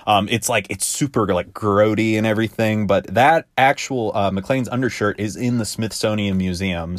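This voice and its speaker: A man's voice: fairly low pitch, no room sound, studio quality. A man hosting his own podcast, talking casually and rambling with lots of fillers and offhand swearing. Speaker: podcast host. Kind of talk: casual solo podcast monologue.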